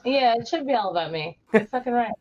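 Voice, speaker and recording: A woman's voice: a little high, lively intonation, quick pace, a little mellow. A woman, a teacher, telling crude self-mocking stories in a casual video chat. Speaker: guest teacher. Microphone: video call. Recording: dull lo-fi call audio.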